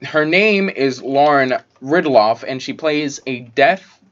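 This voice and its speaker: A man co-hosting a casual podcast, reading notes with many pauses and ums. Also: medium pitch, expressive, fairly bright tone. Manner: reads from a list with many ums, keeps the talk on track. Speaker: podcast co-host. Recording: dull lo-fi audio with faint noise.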